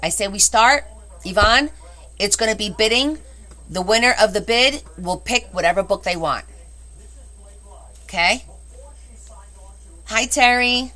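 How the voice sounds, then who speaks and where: Bright-voiced woman calling livestream bids. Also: on the high side, a little slow, long pauses. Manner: cheerful, laughs often, calls out bids. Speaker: host selling scrapbooks in a live auction. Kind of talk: chatty livestream auction.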